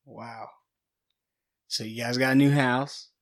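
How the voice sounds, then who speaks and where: A man hosting an interview, reacting calmly and asking the guest questions. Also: mid-range voice, takes it slowly, dry recording, studio quality. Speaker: host.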